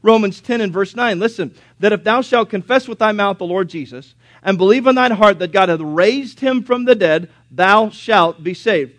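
A man preaching a sermon, emphatic and questioning his listeners, rising loud and dropping to a hush. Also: high voice, normal speed, few pauses, no echo. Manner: emphatic, questions the congregation, swings from loud to hushed.

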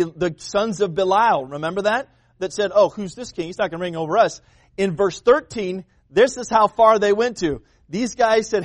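A man, a pastor, preaching a sermon in a conversational, animated way, retelling the story and acting out the people in it. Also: high voice, no echo.

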